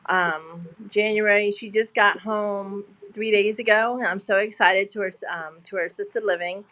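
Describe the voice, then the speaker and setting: A woman talks over a video call, her voice bright and forward. She rambles in a heartfelt way, circling back and restarting her sentences as she goes. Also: mid-range voice, fairly even intonation, moderate pace, low-quality recording. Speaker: guest. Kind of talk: emotional casual chat.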